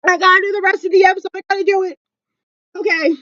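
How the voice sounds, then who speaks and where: A teenage TV reviewer in a bedroom, loud and excitable, close to tears as they react to a show. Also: extremely high pitch, fast, no room sound, muffled recording. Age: late teens. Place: bedroom at home.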